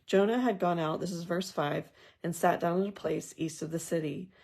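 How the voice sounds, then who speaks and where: A woman's voice: on the low side, steady tone, moderate pace, gravelly, a little mellow. A woman leading a casual Bible study. She reads scripture aloud and then talks through it in a thoughtful, conversational way with personal asides. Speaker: Bible journaling teacher.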